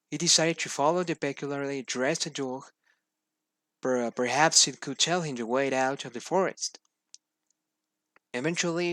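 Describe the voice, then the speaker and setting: A man's voice: mid-range voice, fairly bright tone, no room sound. Man hesitantly reading a storybook. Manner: hesitant with many fillers and restarts. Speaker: student.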